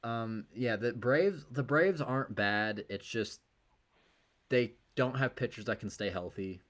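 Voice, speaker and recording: A man's voice: medium pitch, unhurried, a bit bright. A man co-hosting a sports podcast, chatting casually with a dry, wry humor and loose, rambling phrasing. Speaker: podcast co-host.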